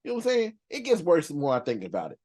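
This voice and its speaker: Slangy, animated male reaction host. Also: fairly high pitch, rapid-fire, breathy edge. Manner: animated, slangy, rambling with many fillers. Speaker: movie reaction channel host. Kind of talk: casual list commentary.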